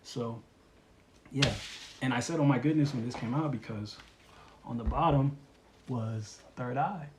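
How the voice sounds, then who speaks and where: A man giving a casual spiritual reading, talking in a relaxed, rambling way with slang and lots of fillers. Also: mid-range voice, unhurried, long pauses, reverberant, slight background noise. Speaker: tarot reader.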